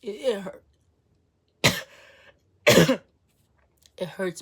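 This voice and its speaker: A woman's voice: lowish voice, animated, takes it slowly, slightly rough. A young woman vlogging to her viewers. She gives blunt, emphatic motivational talk, repeats her points and fires off rhetorical questions. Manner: blunt and preachy, sometimes swearing.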